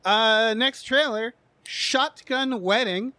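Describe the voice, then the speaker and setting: A man's voice: very high voice, slow pace, sharp tone, no room sound. A man co-hosting a podcast, chatting casually about film trailers in a rambling, jokey way with some swearing. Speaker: podcast co-host.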